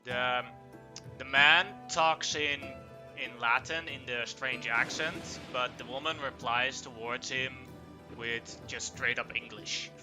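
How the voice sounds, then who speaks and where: A man running a tabletop game as game master, describing the scene slowly and haltingly. His voice sits mid-range, with clear music playing behind. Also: mid-range voice, fairly even intonation. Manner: halting, many fillers. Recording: live stream with music behind.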